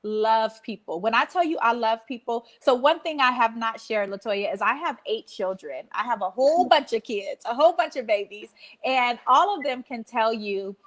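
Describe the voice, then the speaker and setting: Woman, thirties, podcast guest, life coach, emphatic, preacherly, repeats phrases, fairly high voice. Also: animated, moderate pace, hardly any pauses, a bit bright. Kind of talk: casual heartfelt interview talk.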